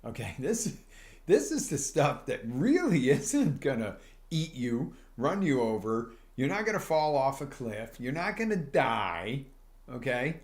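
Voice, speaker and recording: A male life coach giving an energetic motivational talk on a live stream, speaking straight to his viewers and acting out little scenes. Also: mid-range voice, a little slow.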